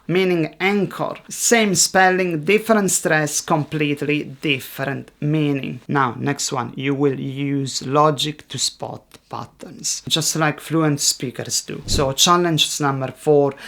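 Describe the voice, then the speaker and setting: A man teaching Italian, reading out quiz questions and answer options in a slow, deliberate scripted narration. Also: fairly high pitch, creaky, a bit bright.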